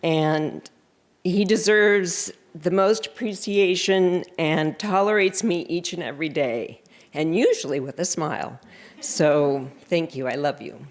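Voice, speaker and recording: A woman's voice: on the low side, a little slow. A woman in her fifties giving a wry, self-deprecating acceptance speech at a library reception. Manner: sarcastic, self-deprecating humor. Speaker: award recipient giving thanks.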